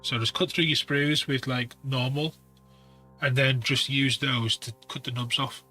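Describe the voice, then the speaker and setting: A man's voice: mid-range voice, fairly even intonation, a little slow, bright, forceful tone, soft background music. A man talking casually through miniature painting tools, rambling with practical asides. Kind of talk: casual hobby tutorial talk.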